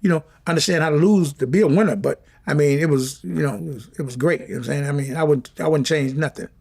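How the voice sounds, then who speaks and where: A man's voice: fairly high pitch, quick pace, creaky, darkish tone, husky. A middle-aged man, talking casually and from the heart as an interview guest, often repeating himself. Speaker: former boxing champion, guest.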